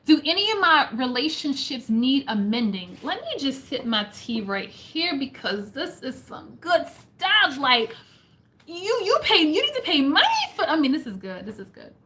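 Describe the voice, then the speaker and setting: A woman hosting a casual livestream book recap, lively and exclamatory, reading passages aloud and reflecting on them. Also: high-pitched, normal speed. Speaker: host of a faith book chat livestream.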